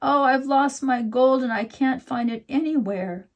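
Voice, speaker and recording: A grumpy little leprechaun from a storybook, grumbling and mumbling his complaints in a high voice, as a woman puts him on. His speech is slow and drawn out, as if muttering to himself. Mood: sighing. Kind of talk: storybook reading.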